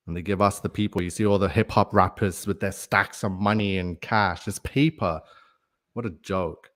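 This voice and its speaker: Low-voiced man rambling on a livestream. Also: steady tone, normal speed, fairly bright tone. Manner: rambling, conspiratorial, reads viewer comments aloud. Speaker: livestream host. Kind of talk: casual livestream talk.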